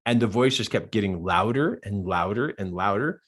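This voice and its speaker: A man giving a live coaching talk, telling a personal story in an earnest way, dropping to a hushed voice at dark moments and growing animated in others. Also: on the low side, moderate pace.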